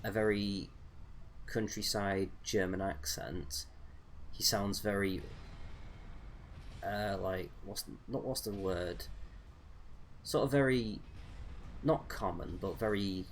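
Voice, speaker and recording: A young man with an English accent chats loosely while he plays, wandering between thoughts with plenty of ums and uhs. His voice sits low and deep. A faint background hiss runs under the recording. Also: slow, long pauses. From England. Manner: rambling, hesitant, many fillers. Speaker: gaming streamer. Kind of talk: casual chat while playing a game.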